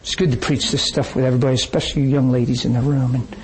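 Man, pastor, animated storytelling sermon, average pitch, faint background noise. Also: racing. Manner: animated storytelling, acts out quoted voices.

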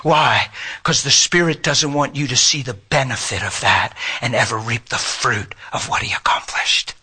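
A man preaching an emotional sermon, swinging from loud exclamations to near whispers. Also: mid-range voice, moderate pace, breathy edge. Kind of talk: impassioned sermon.

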